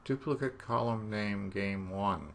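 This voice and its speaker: A man teaching programming in a relaxed screencast, thinking aloud as he debugs and joking about his own mistakes. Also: on the low side, measured pace, a little hiss or hum. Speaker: programming instructor. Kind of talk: screencast coding tutorial.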